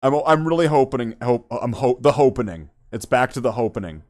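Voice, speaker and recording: A man's voice: mid-range voice, lively intonation, fairly quick, a little mellow. A man hosting a podcast in casual chat, rambling and joking, swearing freely. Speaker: podcast host.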